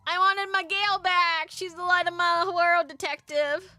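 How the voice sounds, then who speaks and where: A woman's voice: very high-pitched, level tone, unhurried, pushed and bright, no echo, faint music behind, voice pushed up, heavily acted. A woman voicing a bumbling middle-aged male builder. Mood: sheepish. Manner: rambling, flustered dialect storytelling. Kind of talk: voicing game dialogue for stream.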